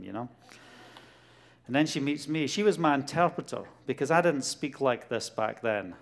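A middle-aged man with a Glasgow Scottish accent gives a testimony sermon, telling a story with lively bursts and acting out dialogue. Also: medium pitch, normal speed, gravelly, long pauses. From Scotland. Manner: animated storytelling, laughs often, acts out dialogue. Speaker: preacher.

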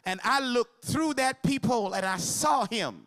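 A man doing a fervent church sister shouting her testimony. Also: very high voice, animated, measured pace, pitched above the performer's own voice, full character voice. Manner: shouting praise, call-and-response fervor. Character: church sister testifying loudly, middle-aged woman, fervent.

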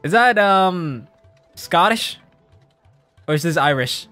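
A man's voice: on the high side, expressive, slow pace, sharp tone, no room sound, soft background music. A man streaming a video game, laughing often and reading the game text aloud.

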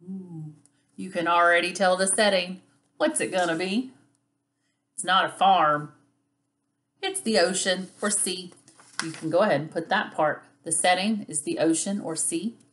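A woman's voice: lowish voice, a bit bright. A woman teaching young children a reading lesson on video, giving patient, encouraging instructions and reading a picture book aloud. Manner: patient, encouraging, speaks slowly to young learners.

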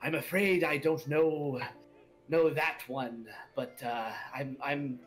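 A man voicing a reserved male doctor who speaks haltingly. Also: a little high, fairly even intonation, faint music behind. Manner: hesitant, halting.

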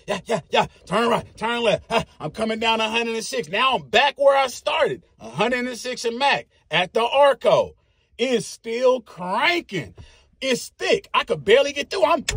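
Bay man in his thirties, very high husky voice, animated and profane storyteller who makes his own sound effects. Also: dry recording. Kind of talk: casual storytelling.

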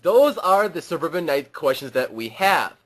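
A man's voice: on the high side, big pitch swings, moderate pace. A man interviewing guests at a panel, casual and lightly joking.

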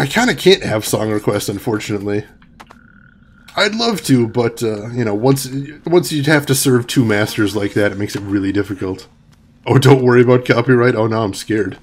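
A man with a fairly low voice casually narrates his game for viewers, reading chat aloud and laughing a lot. A little hiss or hum sits in the recording of this let's-play stream.

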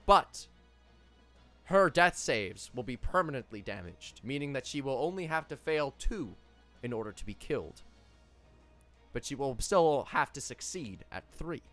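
Young guy dm, bright voice, bouncy pitch, slow and laughy. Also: sing-song, faint music behind. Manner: playful, laughing, halting narration. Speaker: dungeon master. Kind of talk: narrating a tabletop game.

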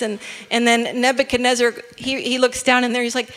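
A woman guest speaker preaching a sermon in a lively, conversational way, often slowing down to stress a point. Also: a little high. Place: church. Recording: long hall reverb.

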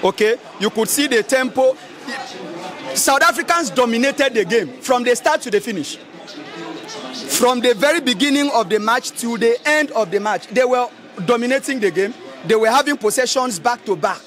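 Very high-voiced Nigerian man. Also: moderate pace, a faint crowd. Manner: excited, emphatic, repeats phrases. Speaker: football fan giving a post-match reaction. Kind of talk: street interview.

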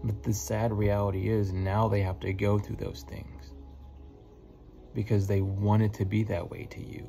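A man with a low, gravelly voice speaks straight to his viewers as a spiritual healer. He sounds earnest and encouraging, often repeats words, and swears casually. Clear music plays behind him. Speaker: spiritual healer giving messages. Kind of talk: heartfelt spiritual message to viewers. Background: music playing.

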